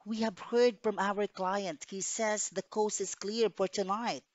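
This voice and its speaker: A woman's voice: medium pitch, steady tone, measured pace, no echo, close to an everyday voice. A woman teacher reading the part of a cold male criminal giving orders over the phone, from a radio play script. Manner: read aloud from a script. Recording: dull dry recording.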